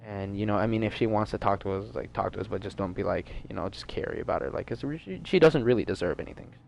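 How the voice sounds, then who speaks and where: Young man, gravelly, low-pitched, rambling casual storytime, swears a lot, faint background noise. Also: quick pace, darkish tone. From Washington DC metro area, US. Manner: rambling, profane, filler-heavy. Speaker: gaming vlogger.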